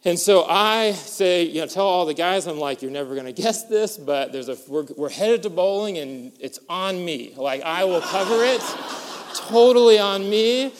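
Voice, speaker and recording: Male pastor, fairly high and resonant voice, animated storytelling sermon in a reverberant hall. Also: moderate pace, hardly any pauses. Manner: animated storyteller, builds to excited peaks.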